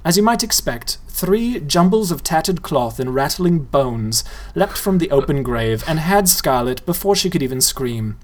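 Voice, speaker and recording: A playful storyteller reading a novel aloud and speaking straight to the listener. The voice rises and falls with lively, musical phrasing. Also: medium pitch, moderate pace, few pauses.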